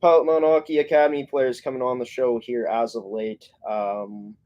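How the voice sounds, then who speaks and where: A man's voice: medium pitch, flat delivery, normal speed, highs cut off. A man hosting a casual live-streamed sports show, talking in long, rambling runs with many filler words and frequent self-corrections. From Canada.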